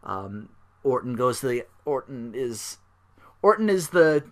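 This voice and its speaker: A man's voice: medium pitch, very animated, unhurried. A man hosting a casual solo podcast. He talks in a rambling, profane way with lots of fillers. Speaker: podcast host.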